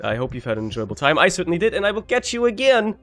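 A young man giving rambling, profane casual commentary over his gameplay, swinging between loud bursts and quiet mutters. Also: sits high, sing-song, racing. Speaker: gaming YouTuber.

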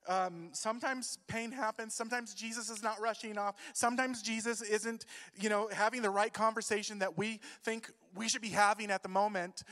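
High-voiced man preaching in a reverberant hall. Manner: emotional, swings from quiet grief to loud urging. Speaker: youth pastor. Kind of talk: sermon. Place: church hall.

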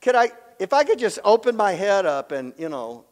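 A man teaching the Bible in an animated storytelling way, acting out the characters and chuckling often. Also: high voice, moderate pace, big-room sound, rough recording.

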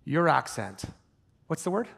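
A man with a fairly high voice preaches in a church, earnest and animated. He swings from urgent appeals down to a near-hush to press a point, then loosens into casual, joking asides. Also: a little slow, creaky, husky. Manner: animated preaching, drops to hushed intensity for emphasis; jokey asides with put-on accents. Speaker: pastor. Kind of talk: sermon. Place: church sanctuary.

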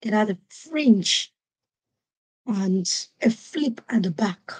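A woman from Nigeria hosting a podcast, telling a personal story in an animated way and acting out what other people said. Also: mid-range voice, takes it slowly, husky. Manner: animated, acts out quoted voices. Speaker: podcast host. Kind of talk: storytelling monologue.

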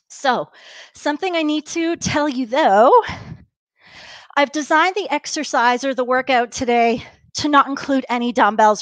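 A woman's voice: sits high, fairly bright tone, dry recording. A woman leading a live workout class, upbeat and encouraging, counting down reps and a bit out of breath from exercising along. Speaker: fitness instructor.

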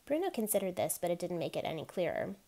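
A woman reading a novel aloud, gently giving each character a light voice of their own. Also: lowish voice, big pitch swings, quick pace. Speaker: reader.

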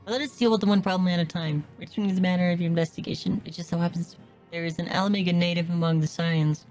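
Calm formal female leader, read by a woman, measured, slightly low voice. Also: soft background music, natural voice. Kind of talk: reading game dialogue aloud.

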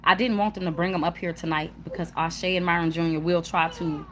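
A young woman chats with livestream viewers from home, emphatic and warm, repeating herself and now and then quieting her kids in the room. Her voice is on the low side, steady and a little fast.

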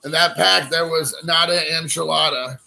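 A man in his thirties hosting a casual stream while opening trading card packs, excitable and rambling, calling people dude. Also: a little high, moderate pace, vocal fry, low-quality recording. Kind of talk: casual live-stream chat.

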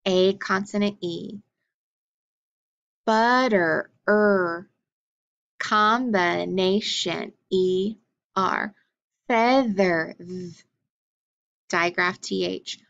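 A woman teacher leads young children through a phonics drill at an unhurried pace. She sounds out each letter and vowel carefully, with steady encouragement. The recording is slightly dull and lo-fi. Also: medium pitch. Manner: slow, clearly enunciated, encouraging praise.

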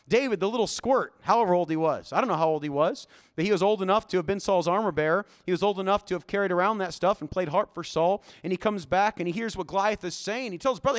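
A male pastor preaching in a church, telling Bible stories with animated, folksy energy. His voice sits notably high for a man. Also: fast, few pauses. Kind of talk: sermon.

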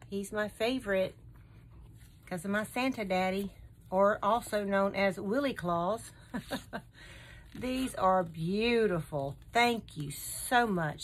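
A woman's voice: mid-range voice, slight background noise. A middle-aged woman hosting a craft channel, unboxing a gift swap and gushing over each item she finds.

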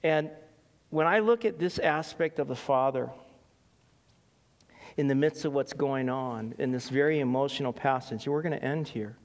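Middle-aged preacher in a reverberant hall. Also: male voice, mid-range voice, moderate pace. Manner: conversational, animated, many ums and restarts. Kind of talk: sermon with personal storytelling.

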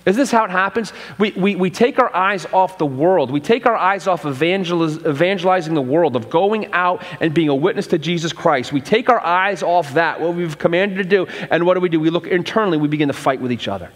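A man's voice: a little high, brisk, hardly any pauses. Man preaching in a reverberant church. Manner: conversational preaching with repeated restarts and acted-out quotes. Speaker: pastor. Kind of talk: sermon. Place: church sanctuary.

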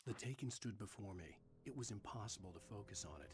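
An actor playing a brooding male writer who narrates his ordeal in a grave, measured inner monologue for a game. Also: on the low side, lively intonation, background noise, close to an everyday voice. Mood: tense.

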